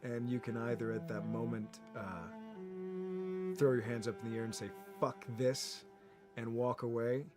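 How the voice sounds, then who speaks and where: A man giving a reflective interview in a documentary, measured in tone. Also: medium pitch, little pitch movement. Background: guitar music.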